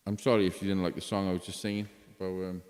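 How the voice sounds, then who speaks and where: A man's voice: low voice, level tone, very fast, darkish tone. A man who is a musician streaming live, chatting casually between songs and a little tipsy, rambling, swearing freely and talking to viewers by name. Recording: long reverb with guitar music behind.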